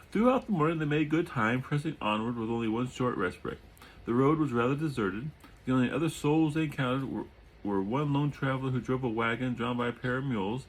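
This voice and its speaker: A man reading a chapter of his own novel aloud at home, adding relaxed asides and often repeating or correcting words. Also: mid-range voice, husky, poor audio. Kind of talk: audiobook reading with casual asides. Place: home during a thunderstorm.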